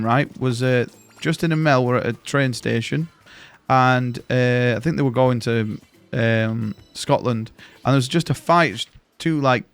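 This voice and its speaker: A man's voice: medium pitch, a bit bright, smooth, no echo. A man, a game streamer casually telling rambling stories and swearing freely. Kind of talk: casual chat while gaming.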